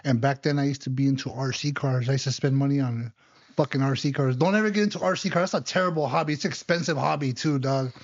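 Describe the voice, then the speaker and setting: A man's voice: mid-range voice, fast talker, highs cut off. A man talking as a podcast guest in casual chat, full of street slang, dropping Spanish words and calling everyone "dog.". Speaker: podcast guest, business owner.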